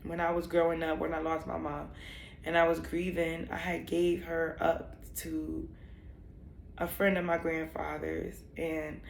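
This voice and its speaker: A woman's voice: sits low, monotone, unhurried, gravelly, roomy sound, slight background noise. A young woman telling a personal story in a vlog, candid and emotional, rambling with many fillers. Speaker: vlogger.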